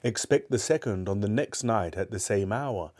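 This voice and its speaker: A man voicing a regretful male ghost in a solemn, slow manner. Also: on the low side, darkish tone, natural voice.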